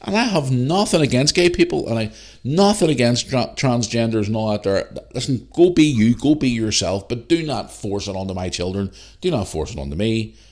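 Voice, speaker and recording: A man's voice: mid-range voice, expressive, normal speed, a little mellow. A man hosting his own podcast, ranting heatedly and swearing, with lots of repeated phrases. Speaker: podcast host. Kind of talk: solo podcast rant.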